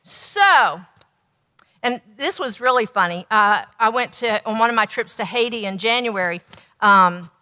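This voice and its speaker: A woman's voice: on the high side, animated, measured pace, sharp tone, clean tone, long reverb tail. A woman nutritionist giving a teaching talk, telling stories and asking the audience rhetorical questions.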